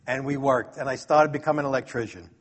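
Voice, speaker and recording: A man's voice: medium pitch, fast. A middle-aged man from Brooklyn, telling a personal story and acting out the dialogue with chuckles. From Brooklyn, New York. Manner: lively, acts out dialogue, chuckles.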